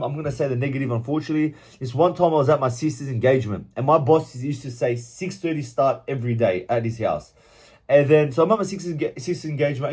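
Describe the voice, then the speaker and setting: A man's voice: mid-range voice, darkish tone. A young Australian man telling his own work story bluntly, swearing freely and venting openly. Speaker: vlogger. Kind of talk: candid personal storytelling.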